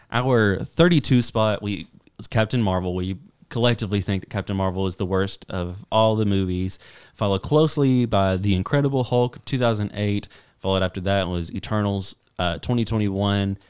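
A man hosts a podcast in a low, smooth voice, steady and measured as he talks and reads a list. The sound is dry, with no room echo. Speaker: podcast host. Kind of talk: casual podcast chat and reading a list.

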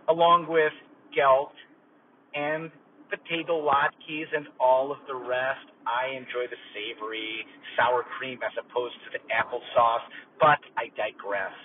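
A man voicing a pompous male celebrity, speaking in a slow, grandiose way. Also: mid-range voice, close to an everyday voice. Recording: tinny phone-like clip with faint noise.

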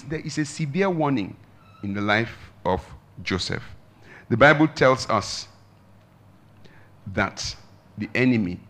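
A man preaches a sermon as a pastor, emphatic, with big swings in pitch and loudness and slow, drawn-out emphasis.

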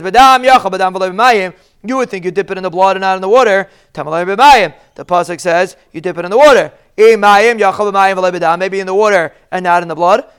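A man's voice: high-pitched, a bit bright, clear, resonant tone. A man teaching a Talmud lesson, explaining each Hebrew phrase in plain English.

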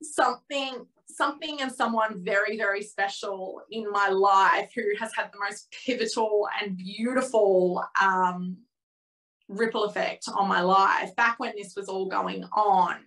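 A woman in her thirties, a podcast guest telling a personal story candidly and with feeling, acting out the dialogue in lively voices. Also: mid-range voice, unhurried, low-quality recording. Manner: candid, emotional, swears freely.

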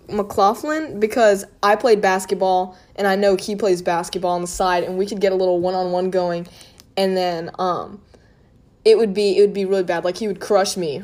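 Young woman, casual podcast chat, giggly, rambling, mid pitch. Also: fairly even intonation, moderate pace, darkish tone. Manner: giggly, rambling, many restarts. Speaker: podcast host.

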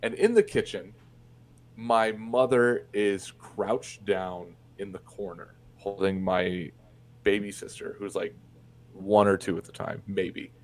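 A man from Indiana speaks as a guest in a casual interview, his voice sitting low. He tells stories candidly and profanely, full of fillers and restarts. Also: steady tone, slow. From Indiana, USA. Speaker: podcast guest.

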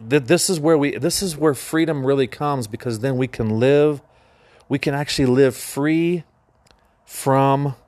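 A man's voice: mid-range voice, dry recording. A man hosting a Christian teaching podcast, talking in an earnest, emphatic preaching manner. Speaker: podcast host.

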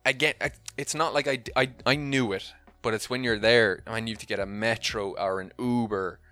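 An Irish man telling a story in casual podcast chat, animated and acting out quoted voices. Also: medium pitch, normal speed, faint music behind. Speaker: podcast co-host.

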